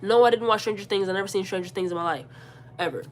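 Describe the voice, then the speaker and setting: A young woman telling a casual storytime rant, animated and incredulous, arguing her side. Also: medium pitch, very fast, slight background noise. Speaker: vlogger.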